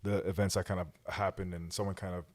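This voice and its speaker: Low-voiced young male podcast host. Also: little pitch movement, fast talker. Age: young adult. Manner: supportive, lots of affirming murmurs. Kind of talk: casual interview.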